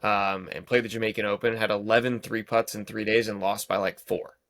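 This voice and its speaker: A man's voice: fairly low pitch, little pitch movement, fairly quick, a bit bright, no echo, studio quality. Rambling thirtysomething man telling stories. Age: 30s. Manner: rambling, self-deprecating anecdotes. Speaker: golf pro guest. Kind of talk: casual podcast storytelling.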